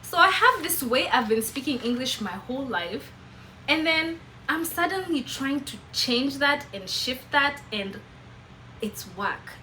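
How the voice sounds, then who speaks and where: A young Kenyan woman with a Meru accent, whose first language is Kimeru, chatting casually to camera in an animated way and laughing often. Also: a little high, slight background noise, poor audio. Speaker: vlogger.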